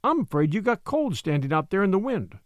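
A man's voice: sits high, very animated, a little fast, no echo, clean studio sound. A man voicing a busy, caring country mother in an old storybook tale, fussing over her daughter in homely speech. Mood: concerned.

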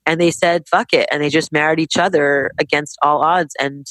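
A woman in her forties, a business-owner guest in a casual interview, talking in an emphatic, animated, rapid way. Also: low voice, no room sound. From Canada. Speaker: guest entrepreneur.

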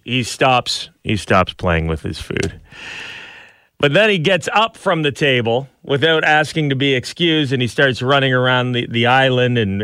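Lively laughing man telling stories. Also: mid-range voice, smooth, no echo, studio quality. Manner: animated storyteller, laughs often, acts out his child's lines. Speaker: radio show host. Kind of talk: casual morning show banter.

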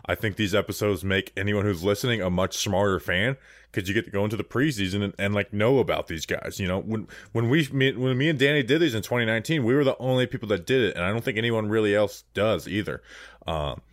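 Male podcast co-host, low voice, playful and jokey, dry booth sound. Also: fast talker, dry recording. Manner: jokey, riffs on names while reading a list. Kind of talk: casual sports podcast chat.

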